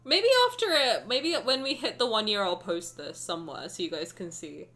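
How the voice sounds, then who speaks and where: A young woman chats casually with her live-stream viewers, excitable and exclamatory, swearing now and then. Her medium-pitched voice moves at normal speed, and she sounds emotional and close to tears, with faint music in the background.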